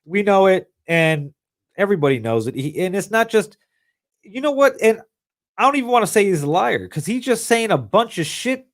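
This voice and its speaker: Higher-pitched man, blunt and profane. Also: very animated. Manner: blunt, profane, quick to jump in. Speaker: podcast co-host. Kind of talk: casual political chat.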